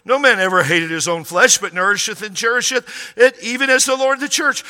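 Emphatic preacher in a reverberant hall. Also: male voice, high voice, brisk. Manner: emphatic, repeats key lines, drops quiet for asides. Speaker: pastor. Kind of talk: sermon.

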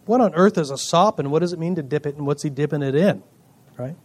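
A male pastor preaching a sermon, swinging between loud emphatic lines and quiet asides, joking with the congregation. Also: a little high, fast. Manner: jokes with the congregation.

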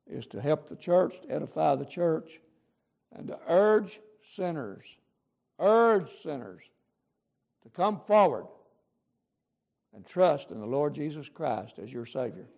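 Preacher guy, high gravelly voice, swoops all over the place, real fired up and repeats himself. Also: lively intonation, measured pace, pauses often, darkish tone. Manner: fervent, emphatic repetitions, folksy grammar. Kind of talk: sermon.

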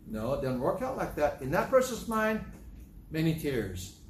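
Pastor, male, emotional sermon with repeated phrases and raised outbursts, slightly high voice, echoey church room. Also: lively intonation, fast, darkish tone, slight background noise.

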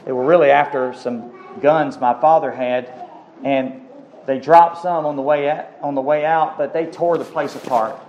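Male pastor, middle-aged, sermon, pleading rising and falling delivery, slightly high voice, faint hiss behind. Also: steady tone, normal speed, a little mellow, muffled recording. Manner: pleading, rising and falling preaching with repeated questions.

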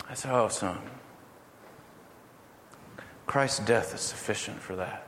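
A middle-aged man preaching a sermon, telling family stories in an earnest, gently humorous way. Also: fairly low pitch, unhurried, pauses often. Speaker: pastor. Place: church hall. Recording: echoey hall from far off, faint noise.

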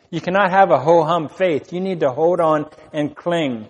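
A man's voice: a little high, normal speed, in a large hall. A man preaching a sermon as pastor, earnest, repeating key phrases for emphasis.

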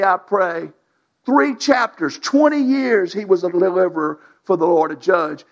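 A man's voice: high voice, dull audio. A man preaching a sermon, in a folksy, emphatic style with colloquial grammar.

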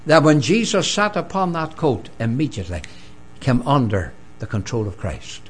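An older man with a Northern Irish accent preaching a sermon, emphatic and swinging between loud declarations and quiet, low lines. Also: sing-song, normal speed, slight background noise.

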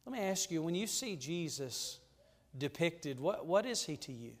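A male pastor preaching a sermon, fervent and preacherly, dropping to a hush and then rising to a ringing call. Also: a little high, big pitch swings, normal speed. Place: church sanctuary. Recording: long hall reverb in a church.

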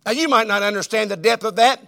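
A man preaching a sermon, swinging between loud emphatic declarations and hushed, drawn-out phrases. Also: high voice, vocal fry.

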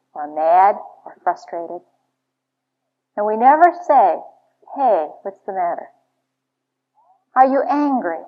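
A woman giving a teaching talk to a church audience, earnest and confessional, weaving in stories from her own life. Her voice sits at an ordinary middle pitch. It comes through a dull, lo-fi recording. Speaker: Christian marriage speaker.

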